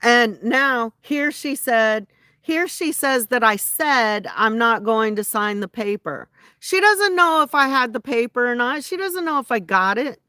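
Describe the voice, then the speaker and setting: A woman's voice: a little high, animated, unhurried, sharp tone, no echo. Indignant woman venting, dry sound. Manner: indignant, rambling, restarts mid-sentence. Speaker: vlogger. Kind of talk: casual venting rant to viewers.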